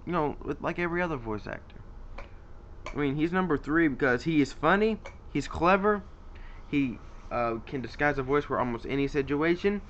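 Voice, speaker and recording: A man's voice: fairly high pitch, animated, moderate pace, fairly bright tone. Man, hesitant casual vlog chat, uh-filled restarts, muffled lo-fi audio, faint hiss. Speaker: YouTuber ranking voice actors.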